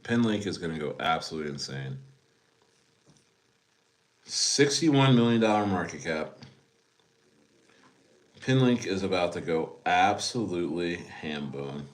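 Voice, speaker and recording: Slow-talking man rambling on a stream. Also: low voice, big pitch swings. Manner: rambling, repeats himself, addresses viewers as guys. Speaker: crypto streamer. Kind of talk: casual livestream commentary.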